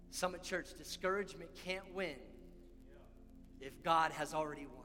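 A man's voice: on the high side, moderate pace, pushed and bright. A man preaching a sermon as pastor, earnest and repeating key lines for emphasis. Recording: long hall reverb with faint music.

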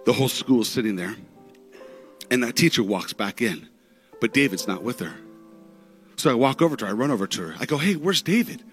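A man preaching a sermon through stories, dramatic, with big swings in pitch and loudness. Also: expressive, a little fast, pauses often, soft background music. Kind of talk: sermon storytelling.

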